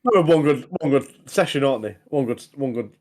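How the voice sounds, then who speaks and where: A man's voice: mid-range voice, expressive, moderate pace, a crowd in the background. A man, co-hosting a podcast in laid-back casual chat, repeating his phrases. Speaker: podcast co-host.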